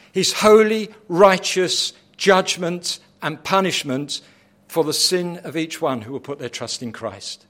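A man preaching a sermon, dramatic, swinging from hushed lines to loud, intense ones. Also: a little high, lively intonation, slow.

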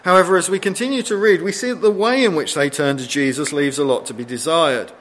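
Expressive male preacher, slightly high voice. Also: slight background noise. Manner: expressive, rising pitch for dramatic quotes, slowing for emphasis. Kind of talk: sermon.

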